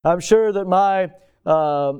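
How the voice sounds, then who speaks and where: High-voiced Southern pastor preaching. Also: male voice, slow pace, smooth, muffled recording. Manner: earnest preaching, swinging between emphatic peaks and hushed low passages; folksy storytelling with chuckles. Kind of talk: sermon.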